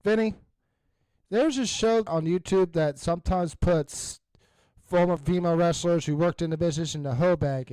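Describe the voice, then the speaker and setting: Man, podcast co-host, smooth clear voice, short replies, crude jokes, dry sound. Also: fairly high pitch, normal speed, mellow, no room sound. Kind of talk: casual podcast banter.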